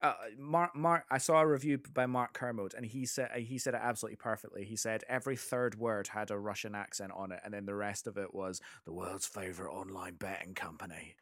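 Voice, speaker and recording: A man's voice: mid-range voice, fast talker, hardly any pauses, no echo, studio quality. A man chatting casually about a film, telling stories with lots of restarts. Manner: animated storyteller, many restarts.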